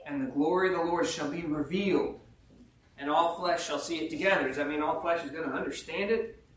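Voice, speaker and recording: A man with a somewhat high voice delivers a sermon, leaning hard on each verse and then breaking it down in everyday words. He often asks his listeners questions. He sounds far from the mic, in a very echoey church hall. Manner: reads verses slowly and emphatically, then explains in plain talk. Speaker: preacher. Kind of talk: sermon with scripture reading. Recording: very echoey room, voice from afar.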